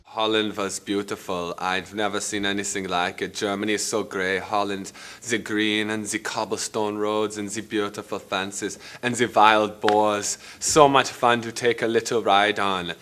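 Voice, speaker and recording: A man's voice: lowish voice, level tone, measured pace, hardly any pauses, fairly bright tone, slight background noise. An actor playing a rambling, eccentric male painter in a comedic mockumentary interview, talking casually and crudely.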